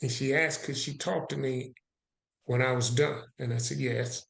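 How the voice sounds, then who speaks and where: A man's voice: mid-range voice, moderate pace, creaky. Man telling a story in a roomy space. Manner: animated storyteller who acts out both sides of a dialogue. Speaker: guest. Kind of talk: storytelling in a podcast interview.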